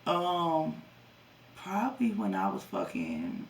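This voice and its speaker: Young woman vlogger with a gravelly, creaky voice, blunt and profane, speaking a bit off-mic. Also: sits low, wildly swooping pitch, slow pace, recorded from a distance, slight background noise. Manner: profane, blunt storytelling, talks to viewers as y'all. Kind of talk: storytime vlog.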